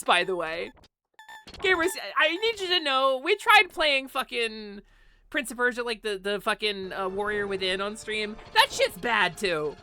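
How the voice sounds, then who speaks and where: A woman's voice: fairly high pitch, sharp tone, slight background noise. A woman streaming a game live, swearing and exasperated, ranting at the game and chatting with her viewers. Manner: chatty, greets chat viewers. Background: faint game music.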